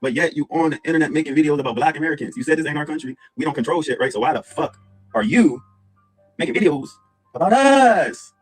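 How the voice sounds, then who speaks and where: Husky man in a fast, heated rant. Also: on the high side, fairly even intonation, soft background music. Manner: heated, mocking, repetitive rhetorical questions. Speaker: commentator in a played clip. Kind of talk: angry rant video.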